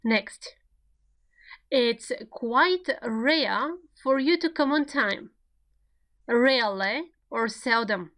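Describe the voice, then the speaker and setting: A woman delivers a recorded grammar lecture. She takes her time, speaking slowly and setting each example sentence out with care. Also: on the high side, lively intonation, a bit bright. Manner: slow, deliberate, spelling out each example. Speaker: grammar teacher.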